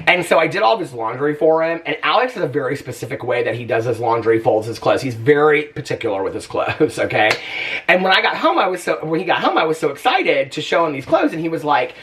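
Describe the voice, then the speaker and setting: A man chats casually to his camera at home, full of fillers and quick laughs. His pitch swoops up and down expressively as he talks. He sits a little away from the microphone, so the sound is slightly distant. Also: slight background noise. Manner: animated, chatty, lots of fillers and laughs. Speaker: vlogger. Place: at home, indoors.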